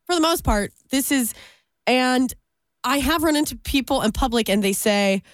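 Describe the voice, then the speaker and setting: A woman's voice: sits high, animated, normal speed, dry recording. A woman radio host chatting casually on a podcast, self-deprecating and easygoing, talking into a studio microphone.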